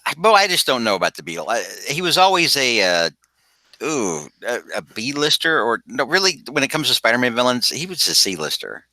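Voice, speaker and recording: A man co-hosting a comic book podcast in casual chat, deadpan and rambling with many restarts. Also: mid-range voice, a little fast, dry recording. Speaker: podcast co-host.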